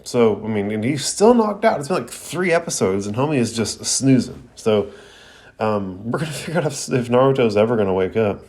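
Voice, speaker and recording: A man's voice: medium pitch, expressive, brisk, darkish tone. A young man hosting a podcast, recapping a cartoon episode in a slangy, laughing way with many restarts and some swearing. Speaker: podcast host reviewing anime.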